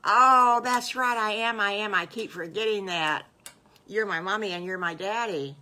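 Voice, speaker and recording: A woman's voice: lowish voice, animated, measured pace, bright, forceful tone, heavily acted. An older woman voicing a sweet, timid little boy wolf who stammers and hesitates. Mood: earnest. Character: young male wolf cub, timid and sweet.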